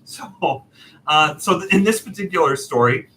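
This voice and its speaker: A man casually telling a personal story, animated and self-deprecating, laughing often. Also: fairly high pitch, moderate pace, a little hiss or hum, rough recording. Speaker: storyteller host.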